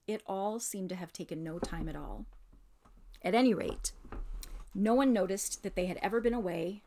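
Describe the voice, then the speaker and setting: Female reader, mid pitch, measured storybook read-aloud. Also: a little mellow.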